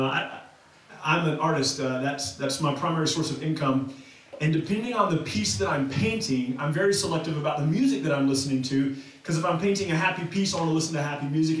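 A man's voice: high-pitched, a bit bright, very echoey, far from the mic, poor audio. A man preaching a sermon as pastor, talking in a loose, conversational way with many restarts and fillers. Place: church sanctuary.

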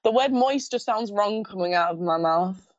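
Recorded dry and lo-fi, a young adult woman from Scotland speaks at medium pitch and a moderate pace. She is a pageant contestant in a casual interview, chatty and giggly, with a mild lisp and frequent restarts.

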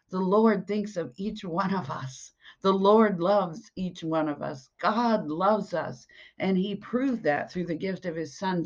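Slow earnest podcast preacher, dull sound. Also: medium pitch. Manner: slow, earnest, reads scripture aloud. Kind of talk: devotional sermon.

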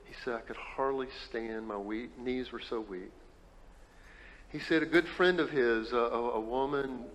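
A male pastor telling a story during a sermon, moving between hushed, intimate passages and emphatic declarations. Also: medium pitch, slight background noise. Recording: reverberant hall, faint ambience.

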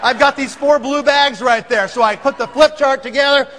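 A man telling a story to an audience, animated and acting out the scene. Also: extremely high pitch, moderate pace. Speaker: speaker telling a sales story. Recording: long hall reverb.

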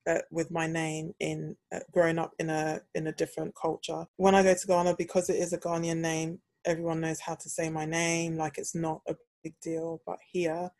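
A woman's voice: low-pitched, completely flat delivery, normal speed, few pauses, a little mellow, no echo. A young British woman chatting casually on a podcast and telling a story animatedly, acting out the voices she quotes. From United Kingdom. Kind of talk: casual chat.

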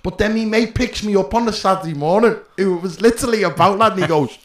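A man with a Liverpool accent, a podcast guest, telling animated anecdotes and calling people "lad". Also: sits high, quick pace. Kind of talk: casual podcast chat.

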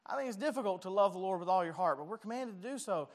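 A man's voice: sits high, lively intonation, fast. A man preaching a sermon as pastor, conversational and self-deprecating, often stumbling and restarting his words.

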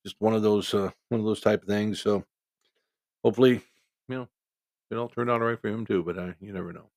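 A man's voice: fairly low pitch, fairly even intonation, quick pace, vocal fry, a little mellow, dry recording, studio quality. A man with a cold, telling a personal story in a rambling, folksy way as a podcast host. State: has a cold. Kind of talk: casual storytelling.

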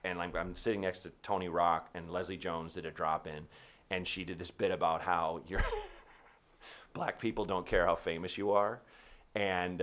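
Comedian guest, man, lower register, rambling, animated storyteller in casual chat.

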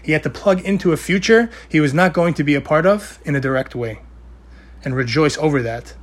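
A man's voice: fairly high pitch, a little fast. A young man giving an earnest, conversational weekly Torah talk, with Hebrew and Yiddish terms mixed in. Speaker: Torah speaker.

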